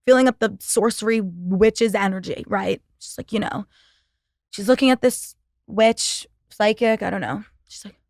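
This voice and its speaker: Brief: a young woman college-age podcast host, rambling casual monologue, mid-pitched voice, dry close mic. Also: unhurried, vocal fry, a little mellow, no echo. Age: young adult. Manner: sarcastic, profane, rambling.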